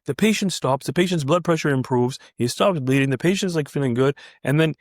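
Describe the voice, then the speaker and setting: Fast-talking middle-aged male doctor. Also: on the high side, no echo, clean studio sound. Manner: animated, many restarts and fillers. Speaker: interview guest, physician. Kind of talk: casual anecdotal storytelling.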